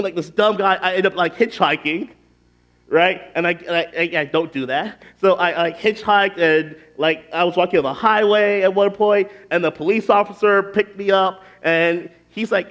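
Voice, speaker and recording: A man with a somewhat high voice addresses a youth group as their pastor. His delivery is casual and rambling, peppered with fillers and false starts as he tells stories. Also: a bit bright. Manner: chatty and loose, frequent "like" fillers and restarts.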